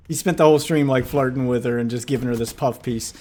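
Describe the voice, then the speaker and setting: A man's voice: medium pitch, steady tone, quick pace, hardly any pauses, darkish tone. A man commentating on a live stream, mocking and scornful, talking back at the screen.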